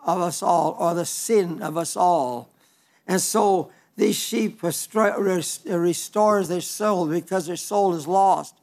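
Brief: older male preacher, light high voice, homespun sermon delivery, frequent stumbles and restarts. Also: takes it slowly. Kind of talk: folksy sermon.

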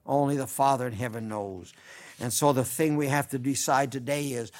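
An older man preaching a radio sermon, fervent and pleading, with loud bursts of emphasis and soft earnest passages, quoting scripture in old-fashioned wording. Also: medium pitch, fairly even intonation, normal speed.

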